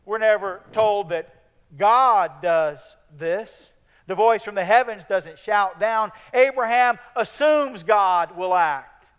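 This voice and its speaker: Clear, high-voiced male preacher. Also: slow, in a large hall. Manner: earnest, trailing off softly at phrase ends. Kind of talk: sermon.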